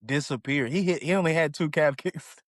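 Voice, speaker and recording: A man's voice: a little high, brisk, dry recording, clean studio sound. A young man co-hosting a podcast, joking playfully with heavy slang. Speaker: podcast co-host. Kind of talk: casual chat.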